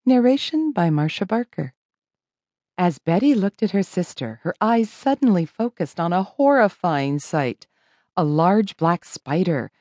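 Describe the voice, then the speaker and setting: A woman reading a children's audiobook with expressive, lively storytelling. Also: mid-range voice, no echo. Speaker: audiobook narrator.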